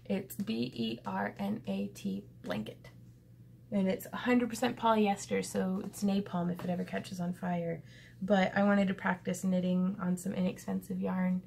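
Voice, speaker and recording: A woman's voice: mid-range voice, gravelly, mellow, slight background noise. A woman in her thirties talking to her viewers in a casual, reflective vlog, earnest and rambling with lots of fillers. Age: 30s. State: pensive. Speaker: vlogger.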